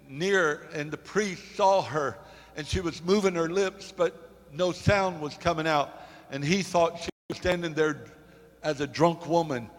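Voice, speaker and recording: A male pastor preaching a sermon, rising to emphatic peaks and dropping to quiet, halting asides with repeated words. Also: on the high side, long reverb tail. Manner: repeats words in false starts.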